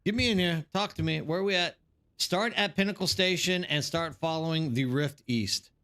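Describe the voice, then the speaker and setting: Male streamer, rambling casual chat, fairly high pitch, bright forceful tone. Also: moderate pace. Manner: chatty, rambling, talks to viewers by name. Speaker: game streamer.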